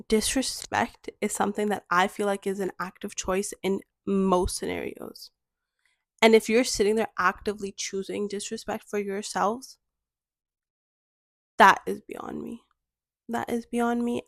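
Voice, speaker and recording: A woman speaking in an even, mid-pitched voice, recorded dry and close. She talks to camera in a personal vlog monologue, pressing her points with emphatic rhetorical questions. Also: no echo. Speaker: vlogger.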